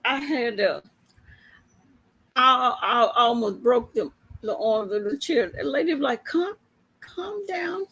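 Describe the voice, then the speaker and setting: A woman police officer chats through a personal story, laughing often as she goes. Her voice sits a bit high but comes out gravelly and husky, and she takes her time with an unhurried delivery. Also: a bit bright, rough recording. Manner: chatty, laughs often while telling a story. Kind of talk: casual storytelling to camera.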